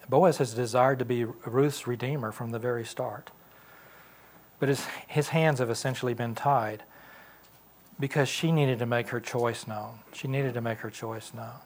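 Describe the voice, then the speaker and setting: A man's voice: medium pitch, measured pace. A man teaching a Sunday school class in a church classroom, talking conversationally and asking the class questions.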